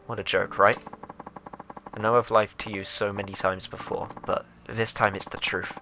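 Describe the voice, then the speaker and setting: A man voicing a regretful young man leaving a farewell message, in a quiet, subdued reading. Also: lowish voice, lo-fi sound.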